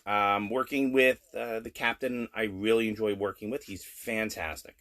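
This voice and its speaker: A middle-aged man giving a casual daily video update from home, blunt and plain-spoken, with animated rants. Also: on the low side, normal speed. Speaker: vlogger.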